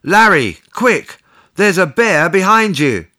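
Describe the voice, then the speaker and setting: A man reading a story aloud and voicing a frightened child who shouts urgent warnings in a raised, higher voice. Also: big pitch swings, slow pace, exaggerated voice. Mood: alarmed. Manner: high, loud, urgent.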